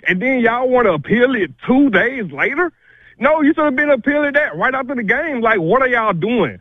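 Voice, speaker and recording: A man's voice: very high voice, big pitch swings, no room sound. A man calling in to a radio show, out of breath and ranting furiously. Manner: livid, rapid ranting. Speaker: caller. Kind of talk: call-in rant. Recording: tinny phone line.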